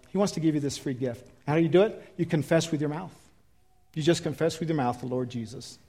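Leading an altar call during his sermon, a pastor in his fifties shifts from loud exhortation to quiet pleading with great emphasis. His voice is fairly high and husky, and he speaks briskly.

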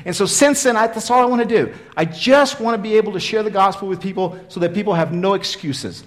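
A man in his fifties preaching a sermon, telling his own story in an earnest, repetitive way that swings from loud emphasis to quiet. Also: high-pitched, quick pace. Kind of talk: sermon with personal testimony.

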